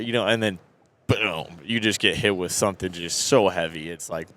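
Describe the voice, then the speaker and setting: A man's voice: on the low side, fairly quick, fairly bright tone. A man who is an off-road racer, speaking earnestly as a guest in a casual podcast interview at a trade show and restarting his sentences often.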